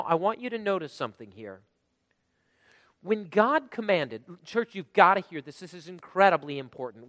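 A man's voice: sits high, fairly bright tone, long reverb tail. A pastor preaching a sermon to his congregation with dynamic delivery, asking them rhetorical questions.

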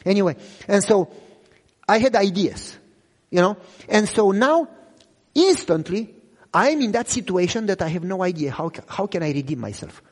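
Preaching in English as a second language, a father earnestly recounts his personal testimony and keeps asking the audience if they're following. His high voice has lively intonation and a moderate pace broken by long pauses, with the sound of a big room around him.

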